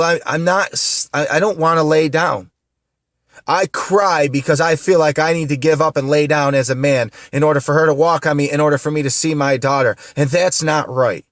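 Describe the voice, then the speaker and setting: A man's voice: on the high side, dry recording, clean studio sound. A man in his thirties from upstate New York, venting to the camera in an upset, indignant way, tearful and repeating himself. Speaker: vlogger.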